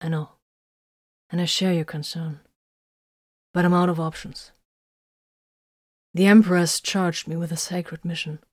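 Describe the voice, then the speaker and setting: An intense male psychic librarian speaks quietly and earnestly, as a woman reads him aloud. The voice is a little low and sounds dry and close-miked, like a storybook audiobook. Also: little pitch movement, a little slow, pauses often, no echo.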